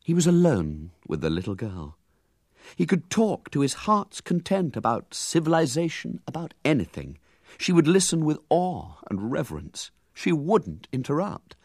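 Man, storyteller, animated, dry recording. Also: on the high side, moderate pace, no room sound. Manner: lively, animated narration. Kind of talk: reading a children's story aloud.

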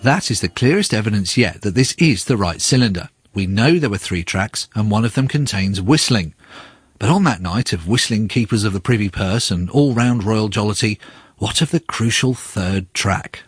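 A man narrates a radio documentary with a wry, inquisitive delivery. His low voice is slightly husky and moves in animated contours, recorded close and dry. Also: normal speed, no echo. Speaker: documentary presenter.

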